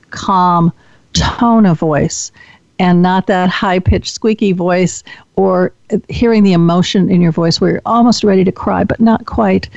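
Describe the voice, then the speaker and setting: A woman host with a low, gravelly voice sums up and affirms her guest's points in a reflective way. The audio is dry and dull, with no room sound and a muffled, lo-fi tone. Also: darkish tone, no room sound. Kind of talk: interview hosting.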